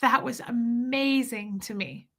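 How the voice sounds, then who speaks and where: A woman's voice: fairly high pitch, takes it slowly. A middle-aged woman talking openly and candidly about her own life, now and then acting out the voices of people in her stories. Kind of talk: candid personal storytelling.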